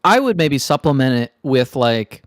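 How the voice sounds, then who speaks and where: A man's voice: mid-range voice, sing-song, normal speed, no room sound, clean studio sound. A man co-hosting a podcast in casual chat, thoughtful and rambling, with many fillers. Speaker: podcast co-host.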